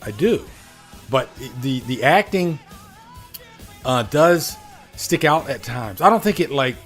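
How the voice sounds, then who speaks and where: A man's voice: medium pitch, a bit bright. A man hosting a casual live stream, chatting animatedly about movies he saw and answering viewers.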